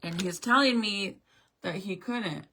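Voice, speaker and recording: A woman's voice: mid-range voice, unhurried, pushed and bright. A woman telling a storytime in a casual vlog rant, swearing and acting out both sides of the talk. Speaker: vlogger.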